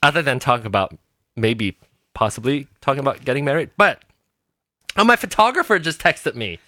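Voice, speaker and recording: Woman co-host, bright and lively, rambling, quick to laugh. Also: a bass voice, dry recording, clean studio sound. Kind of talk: casual chat.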